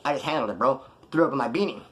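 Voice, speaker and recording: A young man with a mid-range, breathy voice tells a story at a very fast clip, full of slang and swearing. He's a vlogger recounting prison and post-release tales in a casual monologue, acting out what people said in animated, profane street talk.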